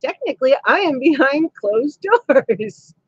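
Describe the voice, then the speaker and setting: A woman's voice: high voice, lively intonation, a little slow, dry recording, muffled recording. A woman hosting a live stream from home, chatting cheekily with viewers, laughing often as she reads their comments. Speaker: livestream host. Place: indoors at home. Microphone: camera mic.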